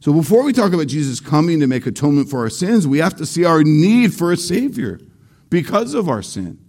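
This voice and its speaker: A man preaching a sermon slowly and deliberately, repeating key phrases for emphasis. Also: fairly high pitch, big pitch swings, darkish tone. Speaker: pastor.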